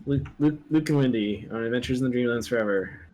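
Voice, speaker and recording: A man co-hosting a board game playthrough, talking in a relaxed, hesitant way with many pauses. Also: mid-range voice, a little hiss or hum. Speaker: podcast co-host and game player.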